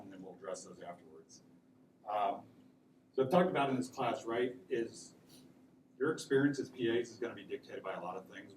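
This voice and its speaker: A man giving a casual classroom lecture, often checking in with "right?" as he tells stories. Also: on the low side. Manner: casual, conversational, peppered with "right?". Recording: echoey room mic from far off, noisy.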